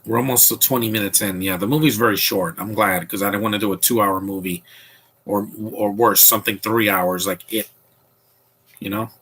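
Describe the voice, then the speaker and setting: A man with a low, husky voice and a bright, forceful edge, giving casual movie commentary. He rambles and restarts often, airing blunt opinions as the film plays. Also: steady tone, moderate pace. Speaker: podcast commentary host.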